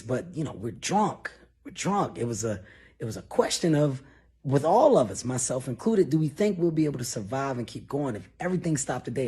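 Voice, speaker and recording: A man telling a comedic personal story in a loud, animated, profane way. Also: medium pitch, husky. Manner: animated, profane, shouts when acting out quotes.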